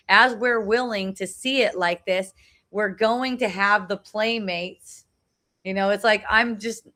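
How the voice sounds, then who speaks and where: A middle-aged woman hosting a spiritual talk goes live on her phone from a beach. Her medium-pitched voice sounds pushed and bright as she earnestly shares personal reflections, repeating phrases and tacking "right?" onto her sentences.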